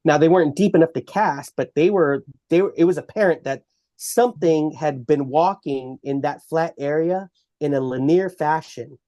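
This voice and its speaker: A man with a Texan accent, a guest on a podcast, telling a long story in an animated, halting way full of restarts. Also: on the high side, no room sound, studio quality. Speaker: bigfoot researcher guest.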